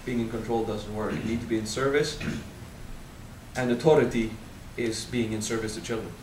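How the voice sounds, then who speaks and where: A man in his thirties with a French accent, speaking at a spiritual seminar, frank and animated, swearing casually and drawing out key words. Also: on the low side, moderate pace, roomy sound, recorded from a distance, slight background noise, rough recording. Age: 30s. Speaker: spiritual teacher. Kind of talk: seminar talk.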